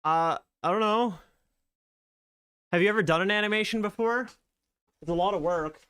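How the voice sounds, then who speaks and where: A man's voice: high-pitched, normal speed, fairly bright tone, clear, resonant tone. A man from Canada chatting casually on a live stream, rambling and joking about himself. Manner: rambling, self-deprecating and joking. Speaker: livestreamer.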